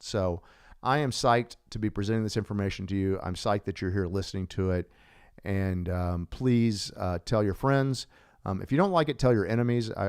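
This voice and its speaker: A man's voice: on the low side, darkish tone, clean tone. A man presenting a live online course, talking casually and enthusiastically with many fillers and restarts.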